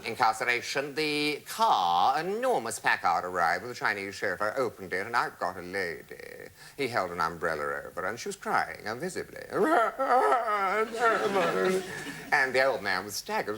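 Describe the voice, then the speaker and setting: A man in his fifties, an entertainer telling comic anecdotes to an audience in a flamboyant, camp and theatrical way. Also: slight background noise. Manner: flamboyant, camp and highly animated, swooping into mimicry.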